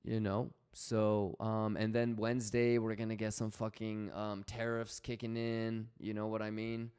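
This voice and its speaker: A man's voice: fairly low pitch, monotone, a little slow, a little mellow, smooth. A man hosting a casual trading livestream, slangy and swearing freely as he reads out chat messages.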